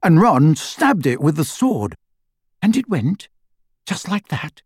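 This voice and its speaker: A man voicing a sharp, clever teenage girl who fires off quick questions. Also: high voice, huge pitch swings, slightly rough, dry recording, clean studio sound, voice pushed up, full character voice. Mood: hushed.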